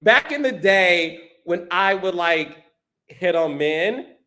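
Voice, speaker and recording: A man with a high, bright voice hosts a casual podcast chat. His pitch jumps around a lot as he tells a story, stumbling and repeating words as he goes. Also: lively intonation, slow, slight background noise. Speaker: podcast host.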